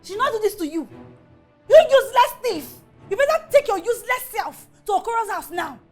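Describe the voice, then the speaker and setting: A shrill, spiteful bully. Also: female voice, sing-song, normal speed, fairly bright tone, soft background music, exaggerated voice. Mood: taunting. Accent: Nigerian. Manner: mocking, shrill insults and threats. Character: spiteful young woman bullying her stepsister. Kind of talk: Nollywood film acting.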